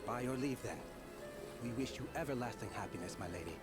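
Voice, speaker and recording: An actor voicing a dutiful ship's escort in a video game, speaking formally and deferentially. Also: male voice, medium pitch, animated, brisk, over loud music, lightly acted.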